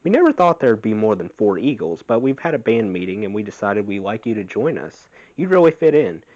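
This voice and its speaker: A man's voice: lowish voice, big pitch swings, brisk, a little mellow. A man doing an upbeat young rock bandleader. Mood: enthusiastic. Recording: dull lo-fi sound.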